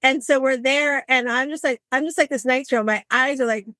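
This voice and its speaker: A woman in her sixties hosting a podcast, telling stories in an animated, conversational way and acting out the people she quotes. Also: high-pitched, fairly quick, no room sound. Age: 60s. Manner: animated, acts out quoted voices. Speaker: podcast host. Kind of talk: conversational storytelling.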